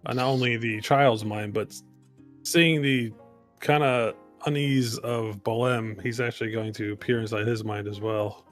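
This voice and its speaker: A man's voice: medium pitch, steady tone, unhurried, faint music behind. A man playing in a tabletop game, explaining his move casually. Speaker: player. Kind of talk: tabletop role-play.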